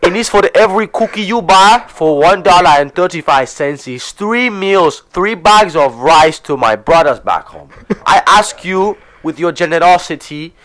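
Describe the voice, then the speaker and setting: A man puts on a young coworker who lays on an exaggerated African accent to sell harder. The voice is pitched up and swings widely as he begs for generosity in a pleading pitch. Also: lively intonation, moderate pace, fairly bright tone.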